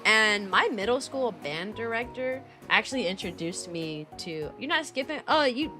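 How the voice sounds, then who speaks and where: A young woman chatting casually on a livestream, bubbly and animated, laughing often as she reads viewer messages aloud. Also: mid-range voice, normal speed, soft background music. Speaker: VTuber streamer and kindergarten teacher.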